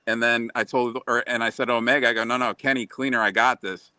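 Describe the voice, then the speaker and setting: A man's voice: medium pitch, little pitch movement, quick pace, sharp tone, no echo. A man on a podcast rambling through a story as a wrestling fan, swearing freely. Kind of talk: casual storytelling.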